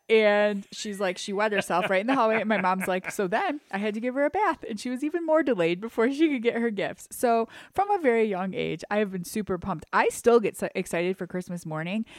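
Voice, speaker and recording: This is a woman in her thirties from Michigan chatting on a podcast with her husband. She tells stories with lively energy and jumps into a high voice when she acts out what people said. Her voice sits in a middle pitch and is recorded close and dry. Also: dry recording. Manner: animated storyteller, acts out quotes with big pitch jumps. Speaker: podcast co-host. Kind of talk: casual chat.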